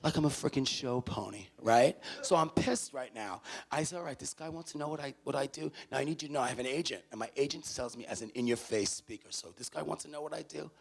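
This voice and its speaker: A motivational speaker from New York City tells a story to students in a large hall, animatedly acting out every character's voice. His medium-pitched voice is gravelly and slightly rough, moving at a quick pace with hardly any pauses.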